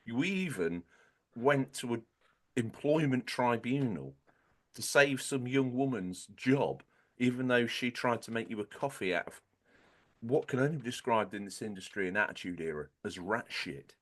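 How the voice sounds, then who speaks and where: A man's voice: medium pitch, expressive, normal speed. A man, co-hosting a gaming podcast in casual chat, playful and rambling with tongue-in-cheek tall tales. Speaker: podcast co-host.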